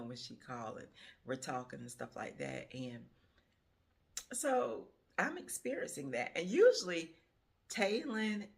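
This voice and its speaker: Reflective grandmother chatting to camera. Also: a bass voice. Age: 50s. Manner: rambling, reflective, many fillers and asides; grandmother musing on changing times. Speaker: vlogger. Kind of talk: casual chat to camera.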